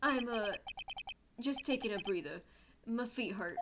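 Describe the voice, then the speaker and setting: A woman voicing a gruff, loyal male police detective in a put-on New York accent, drawling and stumbling as she reads. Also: a little high, a little slow, heavy background noise. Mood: sheepish. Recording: loud game music behind.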